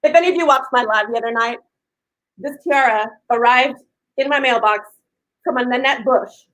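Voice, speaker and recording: A woman in her fifties hosting a casual live stream, gushing and talking loudly to her viewers. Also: on the high side, moderate pace, rough recording. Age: 50s. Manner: effusive and gushing, talks loudly.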